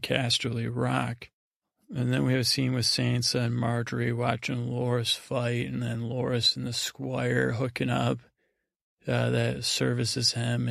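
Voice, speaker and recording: A man with a very gravelly, fry-heavy voice rambles through a bedtime recap as a podcast host. His delivery is flat and monotone, full of hesitant fillers and wandering restarts, recorded close and dry. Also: medium pitch, no room sound. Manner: meandering, hesitant, lots of fillers.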